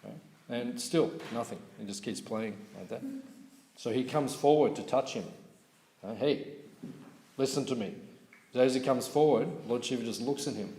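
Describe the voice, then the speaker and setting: Man, temple class speaker, lively storyteller, questions to the room, long hall echo. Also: medium pitch, normal speed. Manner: lively storyteller, asks audience questions, laughs. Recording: echoey hall recording.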